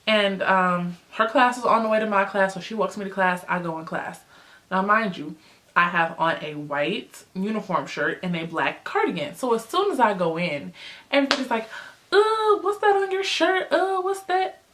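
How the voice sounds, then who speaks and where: A young woman vlogger telling a story in a casual, chatty way, with lots of fillers, jumping high in pitch when she acts out what people said. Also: normal speed. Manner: animated, acts out quotes with big pitch jumps.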